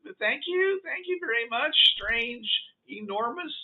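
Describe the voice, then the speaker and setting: A man's voice: very high-pitched, lively intonation, a little slow, pitched above the performer's own voice. A man voicing a frightened, grateful woman in a tabletop game, nervous and stammering. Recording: tinny phone-like line.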